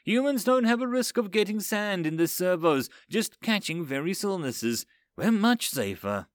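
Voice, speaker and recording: A man's voice: medium pitch, sing-song, normal speed, dry recording, clean studio sound, pitched above the performer's own voice, natural voice. A man voicing a cheerful, curious machine scientist, explaining eagerly in a raised voice.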